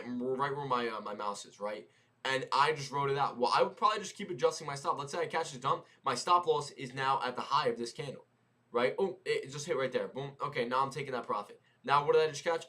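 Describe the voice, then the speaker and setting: A young man on a live trading stream, teaching in a loose, slangy way, repeating himself and tossing in "right?" and "boom". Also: sharp tone. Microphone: headset mic.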